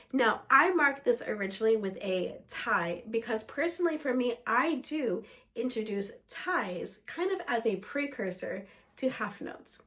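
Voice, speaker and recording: A woman music teacher walking other teachers through a lesson plan in an explanatory, steady way, slightly under the weather. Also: on the high side, measured pace. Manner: explanatory, steady, breaks into short sung examples.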